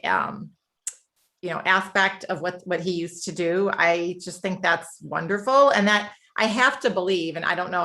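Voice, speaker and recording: A woman hosting a podcast interview, speaking in an affirming and reflective way with halting restarts. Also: on the low side, a bit bright. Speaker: podcast host.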